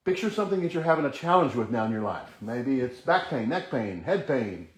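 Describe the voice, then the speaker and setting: A man's voice: fairly high pitch, animated, fast talker, few pauses. Middle-aged guy doing a pep talk, repeats affirmations over and over, earnest. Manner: earnest, repetitive chanting of affirmations. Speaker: host. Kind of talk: motivational talk leading affirmations.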